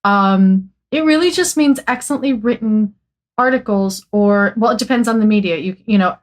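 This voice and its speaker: A woman's voice: medium pitch, normal speed. A woman guest on a casual podcast, a content marketer who talks in a bubbly way and laughs easily.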